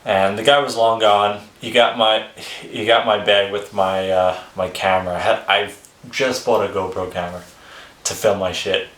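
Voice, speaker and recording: A man's voice: on the low side, little pitch movement, normal speed, fairly bright tone. A man casually telling his life story on a vlog, rambling and swearing freely, with chuckles between phrases. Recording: roomy echo.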